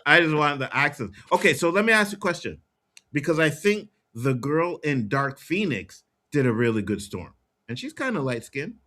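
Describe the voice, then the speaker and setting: A man's voice: a little high, big pitch swings, normal speed, pushed and bright. A man in a casual panel discussion who chimes in with short agreements. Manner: brief agreeing interjections. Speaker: podcast panelist.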